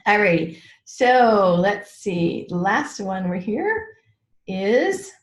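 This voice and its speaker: A woman's voice: mid-range voice, big pitch swings, slow pace. A middle-aged woman mentoring a group on a training call, talking in a frank, chatty way with lots of "like"s and "right?" check-ins. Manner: frank, with mild swearing. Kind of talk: teaching a group call, casual and personal. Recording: roomy echo.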